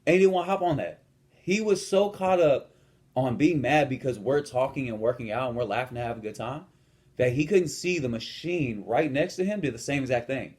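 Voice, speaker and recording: Young male coach, brash and profane, telling gym stories in a relaxed vlog. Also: mid-range voice, fairly quick. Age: young adult. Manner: blunt, profane, swaggering. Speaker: fitness and lifestyle coach. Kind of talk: casual vlog rant with storytelling.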